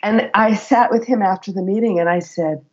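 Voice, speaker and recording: A middle-aged woman, a guest in an interview, telling work stories in an animated way and laughing as she goes. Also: medium pitch, fairly quick, husky, highs cut off. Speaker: guest, former HR executive. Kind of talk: conversational interview storytelling.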